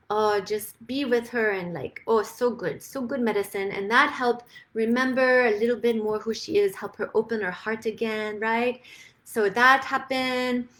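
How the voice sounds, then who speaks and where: Soft caring cosmic twin spirit lady, a woman putting her on, broken simple english, kinda high voice, chatty and sympathetic. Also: close to an everyday voice. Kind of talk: channeled spirit talk.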